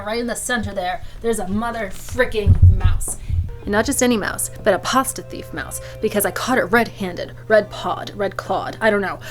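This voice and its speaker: A woman vlogger telling a comic story to camera in an animated, theatrical, playfully indignant way. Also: medium pitch.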